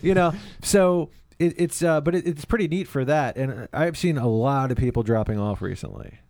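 A man's voice: on the high side, moderate pace, darkish tone, no echo. A man chatting casually on a podcast, rambling with many fillers and stammers. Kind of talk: casual chat.

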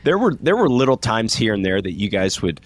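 Low-voiced man telling laughing stories. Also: brisk, slight background noise. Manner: laughing, profane, animated storytelling. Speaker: podcast co-host, former walk-on player. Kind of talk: casual storytelling chat.

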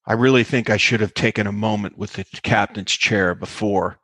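A man's voice: lowish voice, fairly even intonation, normal speed, a bit bright, dry recording. A man putting on an impression of a grand, self-important older star actor, hammy and theatrical. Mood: grandiose.

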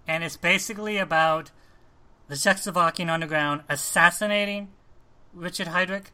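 A man co-hosting a casual talk show about films, animated and often restarting his sentences. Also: high-pitched, moderate pace. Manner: animated, restarts often, acts out quoted lines. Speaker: podcast co-host. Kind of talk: casual film discussion.

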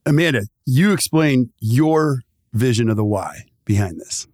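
A man's voice: mid-range voice, expressive, unhurried, darkish tone, no room sound, clean studio sound. A male podcast host in a casual interview, curious and prompting his guests with questions.

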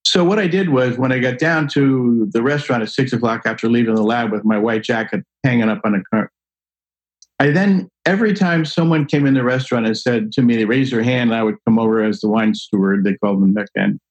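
Older guy telling a story, lively, does little voices for people, mid pitch. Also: a little fast, low-quality recording. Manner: animated, acts out quoted voices, laughs often. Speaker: guest storyteller. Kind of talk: casual anecdotal storytelling.

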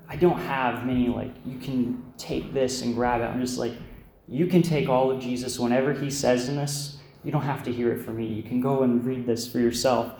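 A man's voice: mid-range voice, vocal fry, darkish tone, slight background noise. A young man giving his first sermon in a church, earnest and heartfelt, with frequent ums and restarts. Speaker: preacher. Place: church sanctuary. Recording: echoey church room with faint ambience.

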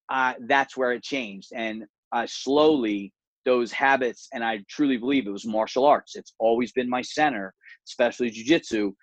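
Interview guest, man in his 40s: earnest, quick, word-repeating, dry lo-fi call sound. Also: medium pitch, no echo. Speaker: guest, martial arts gym owner. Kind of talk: candid interview storytelling.

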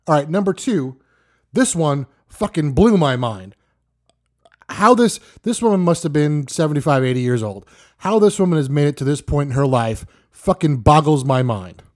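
Profane yelling man ranting. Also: fairly high pitch. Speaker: podcast host. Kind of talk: ranting monologue.

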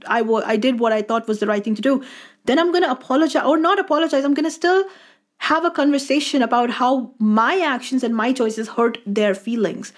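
Earnest, higher-pitched woman coach. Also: a little fast. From India. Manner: earnest, emphatic, thinks aloud. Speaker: podcast guest, coach. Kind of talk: casual interview talk.

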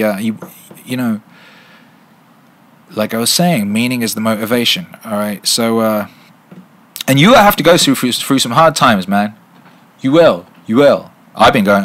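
A man's voice: medium pitch, a bit bright. A middle-aged man hosting a show and answering viewer questions in casual talk, blunt and profane, rambling and repeating himself for emphasis. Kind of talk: casual solo livestream talk.

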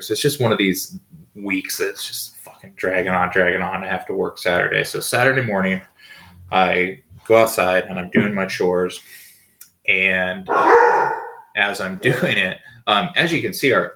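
Dogs bark near this man in his thirties as he hosts a podcast from home, telling casual, rambling stories with lots of fillers and swearing. His low voice is bright and forceful, fairly even in intonation, at a normal speed.

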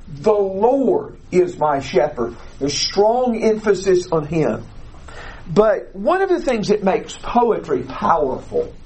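A man teaching a classroom Bible lesson, explaining deliberately and putting questions to the class. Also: high voice, darkish tone, low-quality recording.

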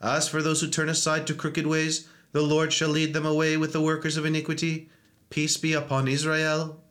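A man reading and chanting psalms in a church service, with steady monotone intoning. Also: on the high side.

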